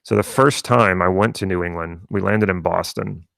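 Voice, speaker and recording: Low, gravelly-voiced man talking casually. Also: moderate pace, a bit bright, dry recording, studio quality. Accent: General American, from South Louisiana. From rural South Louisiana, USA. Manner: rambling, conversational, with many restarts. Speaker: NLP coach. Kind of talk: live stream talk.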